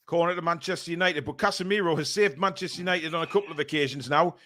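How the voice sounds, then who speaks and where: A man hosting a live fan watchalong, calling the match play by play and reading viewer messages, partisan and quick to outrage. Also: a little high. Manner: excitable, shouts at big chances and bad calls; indignant, partisan.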